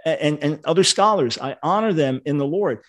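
A man's voice: a little high, brisk. An older man, a Bible scholar, explaining his view earnestly in a casual livestream discussion.

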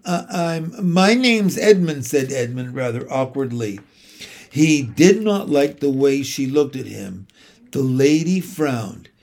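Slow, measured storybook narrator, man. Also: medium pitch, darkish tone. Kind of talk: storybook reading aloud.

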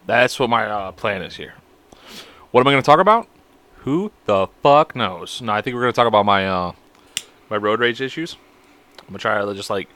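A man's voice: mid-range voice, bright, forceful tone, clear, resonant tone, no echo. A man hosting a podcast alone, rambling in a crude, profane, self-mocking way. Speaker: podcast host. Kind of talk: casual solo podcast chat.

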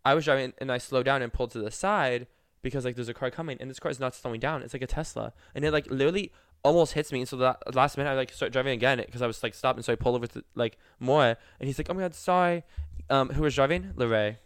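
A man's voice: medium pitch, quick pace, clear, resonant tone, dry recording, clean studio sound. A young man co-hosting a podcast, telling stories in chatty casual talk with lots of fillers. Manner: chatty storyteller, many fillers. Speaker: podcast co-host. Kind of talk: casual chat.

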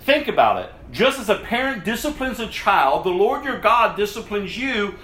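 A man preaching a sermon as pastor, animated, laughing often and mimicking whiny voices. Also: high-pitched, normal speed, roomy sound, poor audio.

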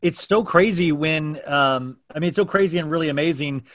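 A man's voice: on the high side, a little fast, dry recording, studio quality. A man hosting a daily podcast, talking openly in a casual, rambling way with many restarts. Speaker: podcast host. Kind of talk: casual chat.

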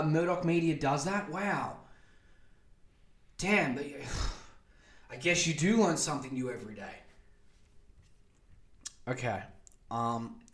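Sarcastic man ranting crudely. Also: a little high. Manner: sarcastic, crude and mocking, with repeated insults. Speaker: podcast host. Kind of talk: profane comedic rant. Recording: echoey room.

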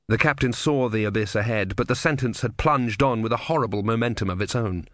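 A man reading an audiobook in measured, dry storytelling narration. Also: medium pitch, dry recording. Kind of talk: scripted narration.

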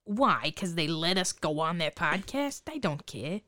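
Brash, profane saleswoman, played by a woman, snarky and dismissive, very animated intonation, improvised sketch. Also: on the low side, measured pace, no room sound, studio quality, heavily acted. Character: brash foul-mouthed woman hawking hair baskets.

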